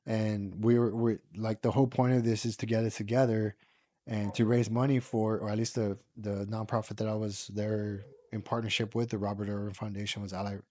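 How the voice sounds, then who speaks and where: This is a man from the United States, speaking in a low-pitched voice. He rambles through a personal story in casual podcast conversation, leaning on fillers and tossing in the occasional curse. The sound is close and dry, with no room around it. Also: level tone, brisk, dark tone, no room sound. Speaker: podcast guest.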